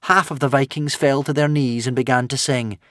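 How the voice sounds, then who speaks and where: A man narrating a fantasy audiobook in an expressive, dramatic way. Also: mid-range voice, moderate pace, dry recording, clean studio sound. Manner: dramatic, varied delivery.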